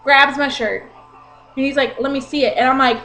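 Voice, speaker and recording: A woman in her twenties telling an exasperated story in a casual vlog rant, animated and talking with her hands. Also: sits high, moderate pace, faint music behind. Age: 20s. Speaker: vlogger.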